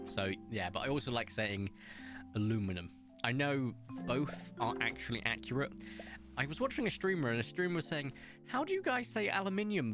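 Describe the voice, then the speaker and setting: A British man chatting his way through a game stream, his pitch swinging up and down as he rambles and laughs. He reads viewer comments aloud in a loose, friendly way. Quiet game music plays underneath. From Britain. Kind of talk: casual live-stream chat while gaming.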